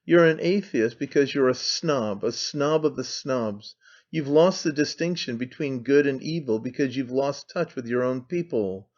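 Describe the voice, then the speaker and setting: A man's voice: mid-range voice, normal speed, lightly acted. A man reading an audiobook voices a frantic, impassioned man who pleads and accuses with intensity. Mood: urging. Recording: slightly dull lo-fi sound.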